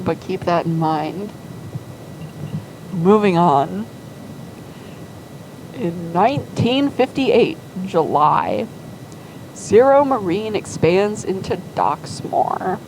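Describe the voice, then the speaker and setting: A woman's voice: lowish voice, animated, takes it slowly, long pauses, darkish tone, slight background noise, poor audio. A woman casually telling a rambling fan story, acting out quoted lines and filling with "like". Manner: rambling, full of "like" and quoted voices.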